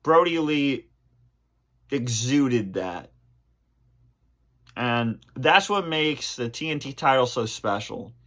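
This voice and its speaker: Halting, emotional man with a bright voice. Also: mid-range voice, expressive. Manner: halting, emotional, many fillers and restarts. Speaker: channel host. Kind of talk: answering fan questions on camera.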